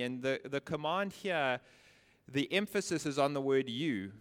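A man delivers a sermon in a smooth, resonant voice, pressing his points with rhetorical questions and repeated phrases. His words ring out with the long reverb of a large hall. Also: medium pitch, measured pace. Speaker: preacher.

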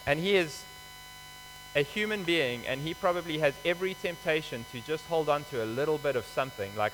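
Guy preaching a sermon, bright forceful voice, echoey hall w/ faint hum. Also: a little high, fairly quick. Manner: expository, conversational, emphatic.

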